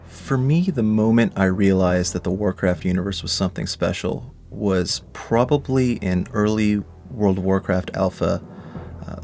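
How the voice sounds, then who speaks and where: A man speaks casually and eagerly in an interview. His voice is low and gravelly, with some vocal fry. A faint ambient hiss sits behind him. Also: a little mellow. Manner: casual, enthusiastic. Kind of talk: interview recollection.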